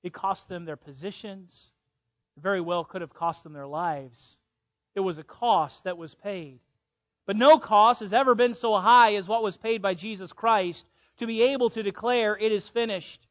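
High-voiced man preaching a sermon. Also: normal speed, muffled recording. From Illinois, USA. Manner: swings from hushed to loud emphatic preaching. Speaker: pastor.

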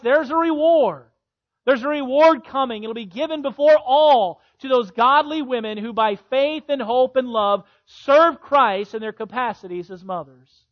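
A male pastor preaching a sermon in a church, swelling on key points and dropping soft and low at others. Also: muffled recording. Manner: preaching with rising emphasis and soft drops. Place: church sanctuary.

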